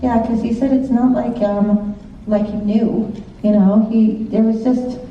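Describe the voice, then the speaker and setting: A psychic medium with a fairly high, steady voice speaks a little slowly while doing live readings for an audience in a large hall. Her style is chatty, with frequent laughter and short questions to check in. An audience member recorded it on a phone from the seats, leaving the sound echoey, far away, muffled and faintly noisy.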